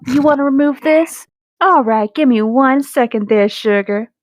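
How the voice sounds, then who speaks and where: A woman putting on a sugary Southern belle customer service voice with a soft Southern accent, calling people honey and sugar. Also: high-pitched, a little slow, no echo, pitched above the performer's own voice. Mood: syrupy sweet.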